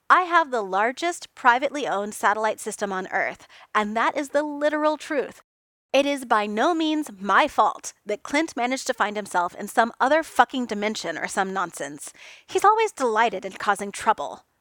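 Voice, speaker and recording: A woman's voice: on the high side, sing-song, normal speed, a bit bright, no room sound, studio quality. A woman voicing a brash, impatient genius inventor, a grown man who talks in snappy, exasperated bursts.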